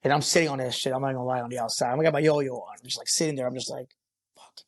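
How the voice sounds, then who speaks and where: A concrete foreman appears as a podcast guest, telling stories in a casual interview. His mid-range voice stays fairly even in intonation but comes out rapid-fire, rambling, profane and loaded with filler.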